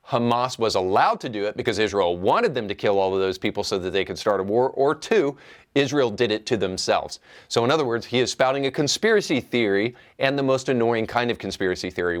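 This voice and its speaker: Male host, lowish voice, measured argumentative commentary. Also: animated. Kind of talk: commentary on clips.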